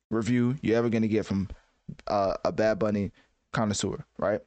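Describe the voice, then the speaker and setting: A man's voice: fairly low pitch, expressive, a little fast, a little mellow, dry recording. Joking man reacting to music, dry sound. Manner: joking, self-mocking, filler-heavy. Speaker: music commentator. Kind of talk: casual reaction commentary.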